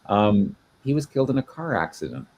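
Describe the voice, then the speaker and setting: A man's voice: lowish voice, big pitch swings, fairly quick, a little mellow, lo-fi sound. A man co-hosting a casual video-call chat, explaining at length with many fillers and restarts. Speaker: genealogy show co-host.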